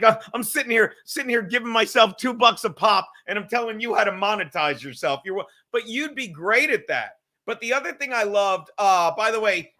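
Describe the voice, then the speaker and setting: A man hosting a casual chat show, rambling and profane and quick to laugh. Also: sits high, pushed and bright. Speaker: podcast host and comedian.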